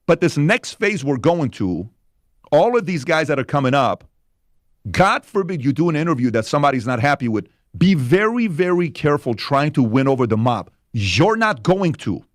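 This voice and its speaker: A man's voice: fairly high pitch, sing-song, moderate pace, dry recording, studio quality. A man on a podcast giving emphatic, repetitive advice in a monologue. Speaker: podcast host in clip.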